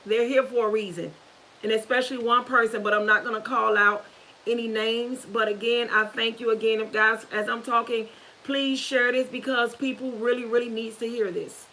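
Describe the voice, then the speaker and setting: A woman on a live stream, nervous and holding back tears, talking in a halting, earnest way with many restarts. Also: fairly high pitch, little pitch movement, pushed and bright, a little hiss or hum, poor audio. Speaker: YouTuber. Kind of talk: emotional live-stream talk.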